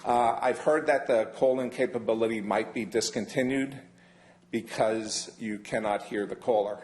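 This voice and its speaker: Measured, emphatic older man. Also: medium pitch, a little mellow. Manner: measured, emphatic, stresses key words. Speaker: public commenter at a county meeting. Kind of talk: formal public comment. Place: county council chamber.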